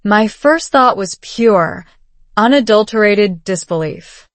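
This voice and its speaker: A woman narrating a first-person story slowly and clearly, for learners. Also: medium pitch, expressive, no room sound. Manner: slow, clear reading for learners. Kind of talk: slow scripted story narration.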